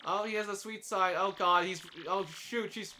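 A young man with a high voice riffs through casual gameplay commentary. His tone is bright and sharp, and he jokes, teases the characters sarcastically and laughs often. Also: steady tone, normal speed, slight background noise. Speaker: let's play commentator.

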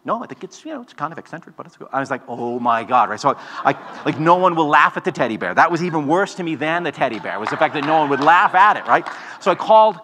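A man in his forties, an author giving a storytelling talk, wry and animated, mocking the voices he quotes. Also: a little high, fast, hardly any pauses, a little hiss or hum. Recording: long hall reverb.

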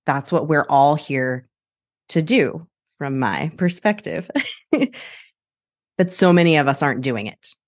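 A woman hosting her own podcast, her voice sitting low for a woman. She talks in a chatty, animated way and breaks into laughter often as she goes. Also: unhurried, long pauses, no echo, studio quality. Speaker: podcast host. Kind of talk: casual solo podcast talk.

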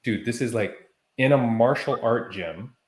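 A man co-hosting a podcast, telling a story in a heated, animated way during casual chat. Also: medium pitch, measured pace, roomy sound. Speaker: podcast co-host.

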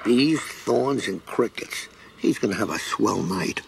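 An actor playing a clever little male mouse in an animated film, drawling slowly and wryly in a gravelly voice. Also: lowish voice, music in the background. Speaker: storyteller.

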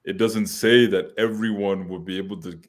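A man's voice: sits low, steady tone, normal speed. A man co-hosting a casual chat, explaining points carefully, with frequent restarts. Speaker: co-host.

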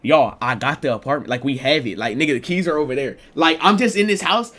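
A man's voice: mid-range voice, fast talker, a bit bright. A young man casually telling a storytime vlog in loose, slangy talk with lots of fillers. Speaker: streamer and vlogger.

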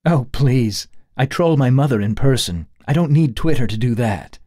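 A man's voice: lowish voice, animated, a little fast, dark tone, no echo, studio quality, pitched above the performer's own voice. A man voicing an anxious woman in her late thirties, a wealthy daughter who snaps back lightheartedly. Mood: brisk.

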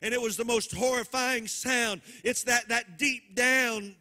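A man preaches a sermon in a live church service, his voice pitched high and ringing bright. He swings from quiet storytelling to shouted, almost sung peaks. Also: unhurried, soft background music. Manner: impassioned preaching, rising to shouts and near-singing cadence. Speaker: pastor.

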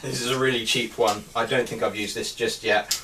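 A man's voice: mid-range voice, steady tone, brisk. A man giving a casual show-and-tell of his helmet collection, talking hesitantly with many ums and restarts. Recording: distant mic with faint background noise.

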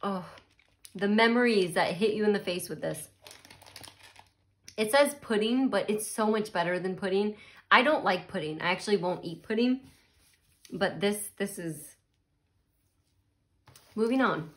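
A woman's voice: medium pitch, measured pace, long pauses, a bit bright. A woman chatting casually while tasting snacks, murmuring and laughing as she eats. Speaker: snack reviewer.

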